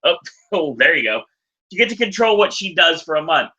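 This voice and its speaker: Male podcast host, very bright, rambling casual delivery, slightly muffled lo-fi audio. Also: fairly high pitch, very animated, a little fast. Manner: rambling, self-correcting, laughs easily. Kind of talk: casual chat recapping wrestling.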